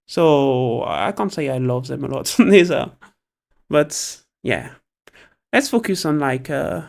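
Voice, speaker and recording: A man's voice: medium pitch, expressive, slow, creaky. A man, streaming live and chatting casually about politics in a rambling, profane way, often breaking off mid-sentence. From France. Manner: rambling, profane, self-interrupting.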